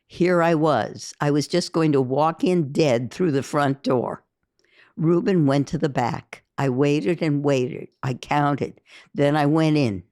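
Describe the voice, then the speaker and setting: A woman's voice: sits low, slow, a little mellow, no echo, clean studio sound. A woman reading a first-person memoir aloud, with an intense, emphatic delivery that rises for heated quoted speech. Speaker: audiobook reader.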